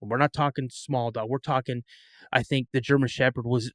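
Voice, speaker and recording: A man's voice: mid-range voice, fairly even intonation, brisk, fairly bright tone, no room sound. A middle-aged man telling a story as a podcast guest, rambling and often repeating and restarting his words. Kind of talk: storytelling in an interview.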